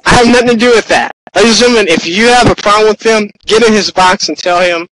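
A man doing play-by-play wrestling commentary, excitable and repeating himself as he talks over his partner. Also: sits high, fast talker, no room sound, rough recording.

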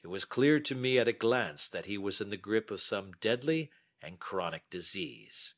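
A man narrating a graded English story in a careful, deliberate reading style. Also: on the low side, lively intonation, a bit bright. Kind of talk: slow scripted story narration for English learners.

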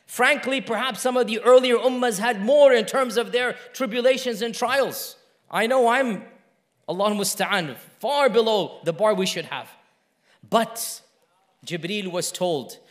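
A man preaching a sermon with passion, repeating phrases and swinging between loud emphasis and hushed lines. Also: high-pitched, expressive, unhurried.

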